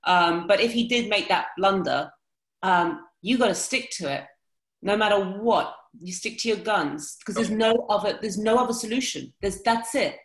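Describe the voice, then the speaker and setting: A woman talking frankly about dating, swearing freely and acting out quoted lines in lively voices. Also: medium pitch, moderate pace, roomy sound, poor audio. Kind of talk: casual podcast chat.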